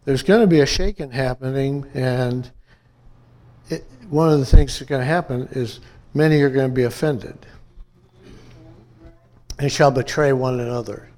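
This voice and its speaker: A man's voice: medium pitch, normal speed, pauses often, darkish tone. A pastor from upstate New York delivering a conversational sermon to his church, often checking in with the congregation by asking "okay?" and "amen?".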